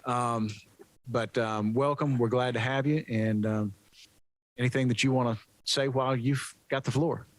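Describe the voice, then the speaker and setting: A man's voice: mid-range voice, steady tone, unhurried. A man on a city council giving polite, friendly remarks and motions at a meeting.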